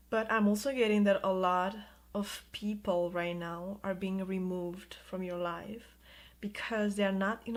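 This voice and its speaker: Soft-spoken woman reading tarot. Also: medium pitch. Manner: soft, slow and soothing, drawn-out reassurances. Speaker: tarot reader.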